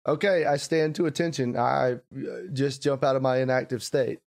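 A man playing a tabletop game, describing his character's actions haltingly. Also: mid-range voice, darkish tone. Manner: halting, tentative. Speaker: player. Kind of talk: casual tabletop game chat.

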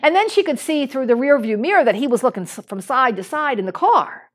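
Speaking fairly quickly and with animation, a middle-aged female pastor delivers a chatty sermon full of fillers and false starts. She acts out a small boy's words in a higher voice during a story.

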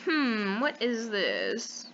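Young woman, high unhurried voice, excitable gaming commentary, slightly dull home recording. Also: slight background noise. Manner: excitable, squealing when panicked, many "like" fillers. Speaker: gaming channel host. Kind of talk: casual gameplay commentary.

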